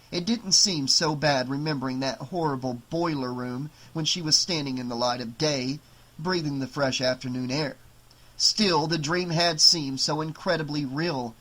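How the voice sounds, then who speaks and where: A man narrating an audiobook in a steady, dramatic reading style. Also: a little high, low-quality recording. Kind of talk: scripted narration.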